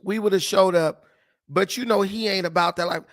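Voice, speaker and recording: A man's voice: sits high, moderate pace, fairly bright tone. A man putting on a mocking impression of a slangy woman, with exaggerated, sneering mimicry.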